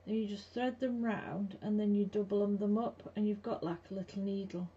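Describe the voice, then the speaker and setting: A warm, husky mid-range voice with fairly even intonation carries this casual craft demo, delivered at a moderate pace. The woman is chatty and blunt, talking to live-stream viewers from her home craft room as she works, over dull lo-fi sound with faint hiss.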